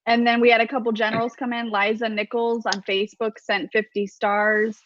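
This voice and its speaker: A woman's voice: on the high side, level tone, a bit bright. Woman reading tips on lo-fi audio. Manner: reading out donations, halting. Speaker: co-host reading viewer tips. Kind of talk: casual chat. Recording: dull lo-fi audio with faint noise.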